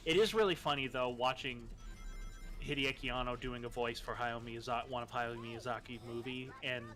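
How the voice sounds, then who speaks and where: A man's voice: medium pitch, fairly even intonation, moderate pace, a bit bright, soft background music. A young man co-hosting a casual gaming stream chat, talking eagerly and swearing freely. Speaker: co-host.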